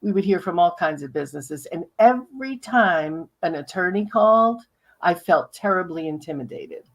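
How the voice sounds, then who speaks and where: A woman's voice: lowish voice, expressive, normal speed. A woman hosting an interview who chats and affirms her guest. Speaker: host. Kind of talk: conversational interview.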